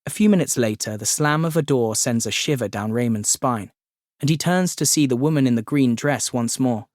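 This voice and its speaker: Male audiobook narrator, measured mid-pitch delivery, dry booth sound. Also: darkish tone, no room sound. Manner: measured, descriptive. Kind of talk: scripted narration.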